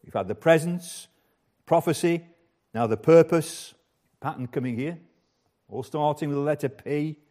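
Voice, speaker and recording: A man's voice: on the high side, moderate pace, pauses often, dark tone. An older man preaching a sermon as the church's pastor, earnest and emphatic, repeating key phrases for weight.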